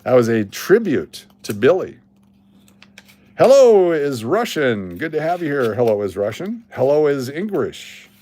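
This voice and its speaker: A man's voice: medium pitch, big pitch swings, a little slow, mellow. A man hosting a coin roll hunting livestream, rambling, joking and answering his chat as he works. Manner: rambling, jokey, talks to chat.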